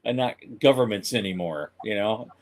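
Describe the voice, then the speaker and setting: An older man co-hosting a podcast, chatting casually in a joking, lively way. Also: on the low side, moderate pace. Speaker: podcast co-host. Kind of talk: casual chat.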